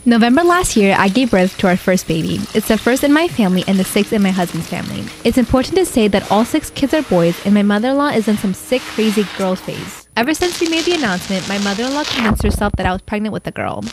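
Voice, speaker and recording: A woman's voice: medium pitch, animated, fast talker, hardly any pauses, slight background noise. A woman bluntly retelling a family conflict as a storytime narration. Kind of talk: storytime narration over satisfying video.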